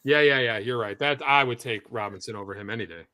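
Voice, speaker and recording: A man's voice: mid-range voice, fast, pushed and bright, faint music behind. A man co-hosting a live sports stream, talking in a loose, rambling, chatty way. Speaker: sports show co-host. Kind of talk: casual live-stream chat. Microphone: headset or earpiece monitoring a TV feed.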